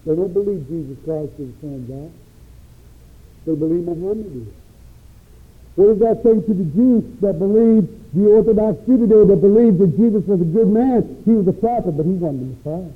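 A man with a high voice preaches at a moderate pace, his emphatic delivery rising and falling. The recording sounds tinny, like a phone.

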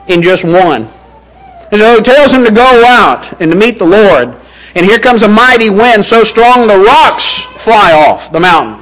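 A man's voice: high-pitched, bright, forceful tone, low-quality recording. A man preaching a sermon to his congregation with an earnest, rising and falling delivery.

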